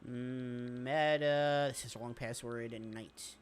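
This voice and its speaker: A speedrunner giving excitable, rambling commentary over gameplay, with quick laughs and self-interruptions. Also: medium pitch, a little hiss or hum. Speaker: speedrunner streamer.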